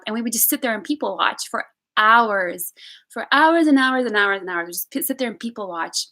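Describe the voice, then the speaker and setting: A woman in her late twenties telling rambling stories in a casual vlog, full of fillers, and she puts on high, excited voices when she quotes her friends. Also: fairly quick. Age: late 20s. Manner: chatty, rambling storytelling with lots of fillers. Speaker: vlogger. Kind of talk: casual chat.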